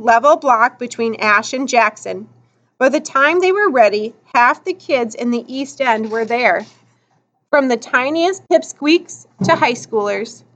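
A woman narrating a children's novel aloud in an expressive storytelling manner. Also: high-pitched, poor audio. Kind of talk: audiobook narration.

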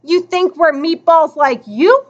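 A woman's voice: very high voice, slow pace, muffled recording, pitched above the performer's own voice. A woman voicing a bossy, scrappy eight-year-old boy who growls and scolds.

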